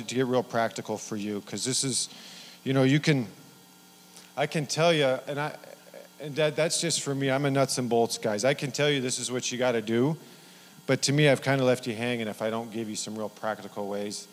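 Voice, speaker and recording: A middle-aged man preaching a sermon in a folksy, rambling way, with many restarts. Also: mid-range voice. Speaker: pastor. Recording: long hall reverb.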